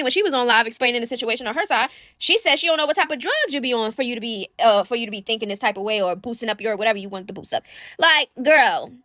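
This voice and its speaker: Sassy high-voiced woman dishing celebrity gossip. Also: no echo, clean studio sound. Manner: sassy, animated, slangy, addresses viewers as y'all and child. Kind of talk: casual gossip commentary to viewers.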